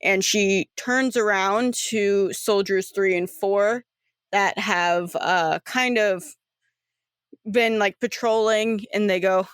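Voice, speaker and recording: Woman GM, slow unhurried pace, mid-pitched, loose filler-heavy tabletop narration. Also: smooth, dry recording, clean studio sound. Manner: casual, rambling with many fillers and frequent laughs. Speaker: game master.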